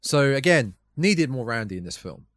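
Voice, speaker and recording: Animated man in dry casual chat. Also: mid-range voice, normal speed, no room sound. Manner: animated, repeats words when starting sentences. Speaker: podcast co-host.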